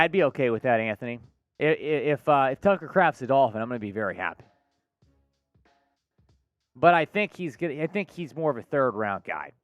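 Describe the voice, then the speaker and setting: A man's voice: on the high side, fairly bright tone, clean tone, dry recording. A man hosting a live sports talk stream, answering viewers' chat comments by name in an upbeat, conversational way. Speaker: sports show host.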